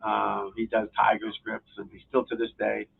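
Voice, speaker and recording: A man's voice: on the low side, monotone, moderate pace, gravelly, slightly rough. A man hosting a golf instruction live stream, rambling casually and swearing as he flips through channels and talks to viewers. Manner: loose, profane, talking to viewers while flipping channels. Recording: tinny phone-like audio.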